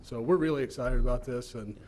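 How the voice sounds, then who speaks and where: A man's voice: medium pitch, fast talker, warm tone, slight background noise. A man reporting to a city commission, polite and upbeat, with some hesitant fillers.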